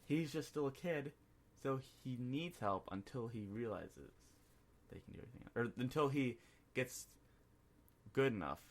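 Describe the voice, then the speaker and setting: A man's voice: medium pitch, animated, normal speed, pauses often. A man co-hosting a podcast, chatting casually about a film and acting out scenes as he retells them. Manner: rambling, acts out scenes in quoted voices. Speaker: podcast co-host. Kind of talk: casual movie review chat.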